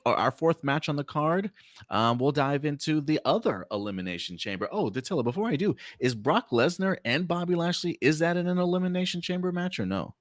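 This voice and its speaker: A man's voice: on the high side, animated, a little fast, dry recording, studio quality. A man hosting a casual prediction podcast, talking in a laid-back, rambling way with many fillers. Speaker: podcast host. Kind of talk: casual chat.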